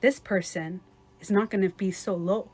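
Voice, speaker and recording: A woman life coach giving a casual livestream talk, chatty and quick to laugh, acting out little scenarios as she explains. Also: medium pitch, fairly even intonation, darkish tone, slightly rough, soft background music.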